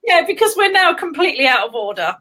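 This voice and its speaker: A high-pitched woman from England hosts a relaxed livestream chat. Her voice is bright and she giggles her way through a loose, scattered conversation. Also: fast talker, slight background noise. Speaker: livestream host. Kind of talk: casual live chat. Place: home livestream.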